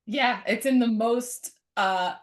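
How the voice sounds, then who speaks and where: Reflective middle-aged woman in casual chat. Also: a little high. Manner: reflective, slows down and lifts voice for quoted thoughts. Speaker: co-host.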